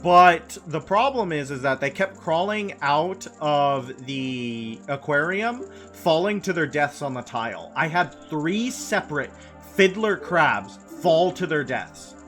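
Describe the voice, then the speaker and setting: Man, game streamer, bright voice, playful, giggly, repeats jokes, casual commentary. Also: a little high, animated, takes it slowly, hardly any pauses, soft background music. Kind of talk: casual commentary while playing.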